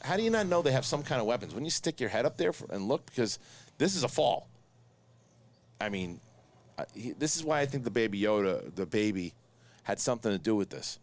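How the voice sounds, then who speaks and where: Excitable male host, casual watch-along commentary, voice swings up and down a lot. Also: fairly low pitch. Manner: excitable, talks fast in bursts, laughs often.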